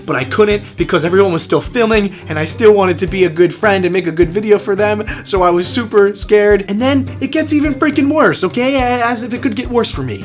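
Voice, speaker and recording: Man, vlogger, excitable storytelling, swears a lot, faint guitar music behind. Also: high voice. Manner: excitable, swears freely, acts out voices. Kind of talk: animated storytelling.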